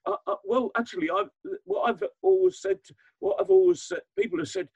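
A man in his seventies, a guest musician, talking reflectively in an interview, self-deprecating and halting with many restarts. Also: extremely high pitch, very animated, vocal fry, a little mellow, breathy edge, dry recording, lo-fi sound.

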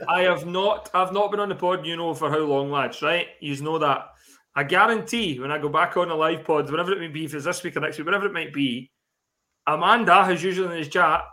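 Bright-voiced sweary man. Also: fairly high pitch. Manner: sweary, rambling banter. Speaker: podcast co-host. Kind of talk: casual chat.

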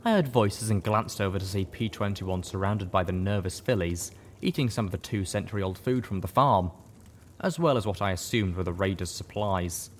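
A man giving a first-person audiobook narration with steady storytelling. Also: low-pitched, normal speed.

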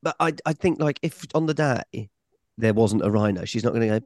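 A man's voice: medium pitch, fairly quick, no room sound, studio quality. A man co-hosting a podcast, chatting casually and telling stories animatedly. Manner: animated storyteller, acts out voices. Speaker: podcast co-host. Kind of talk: casual chat.

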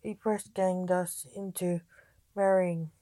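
Storybook young lady, bitter and resentful, as a woman reads her; slow, dry delivery. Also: fairly low pitch, little pitch movement, dark tone, no room sound. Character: resentful young bride in a forced marriage.

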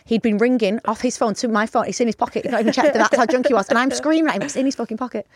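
A woman's voice: on the high side, rapid-fire, dry recording, clean studio sound. A woman, co-hosting a podcast and telling a chatty, swear-filled story. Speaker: podcast co-host. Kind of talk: casual chat.

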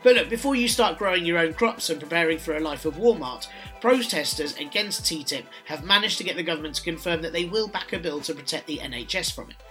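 A man's voice: a little high, expressive, fast, a bit bright, faint music behind. A man with a British accent delivering a scripted satirical monologue in a sardonic, dry, mocking way. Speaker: satirical news presenter.

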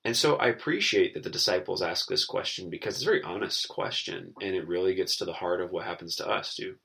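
Bible podcast guy, gravelly, bright edge, lowish, thinks out loud. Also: quick pace. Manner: thoughtful, animated, laughs often. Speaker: podcast co-host. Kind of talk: casual Bible study chat.

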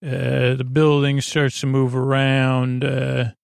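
A man with a gravelly, creaky voice hosts a podcast and casually recaps an episode, wandering through the plot with frequent pauses and filler sounds. His voice is recorded close and dry, with no room sound, and sits at an ordinary pitch. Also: completely flat delivery, dry recording. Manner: rambling, halting retelling full of filler sounds. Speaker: podcast host.

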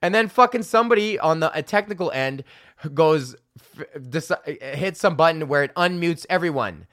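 A man's voice: on the high side, moderate pace, dry recording, clean studio sound. Profane man telling a story. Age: 30s. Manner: profane, animated, quoting people in put-on voices. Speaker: podcast host and comedian. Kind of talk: casual storytelling rant. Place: home office.

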